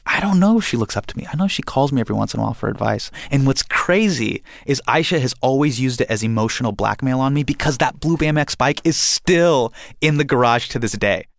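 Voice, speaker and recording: A man telling a personal story in an interview, animated and acting out quotes and sound effects. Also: medium pitch, fast talker, gravelly, few pauses, no echo, clean studio sound. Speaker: guest storyteller.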